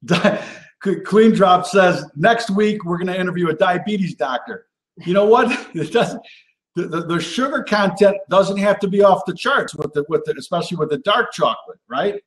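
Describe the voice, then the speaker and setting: Chatty high-voiced male show host. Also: normal speed, reverberant. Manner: chatty, repeats "all right?" and "right?" after each point; enthusiastic and animated, gets worked up. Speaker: host of a live cooking show. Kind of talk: casual live-stream chat.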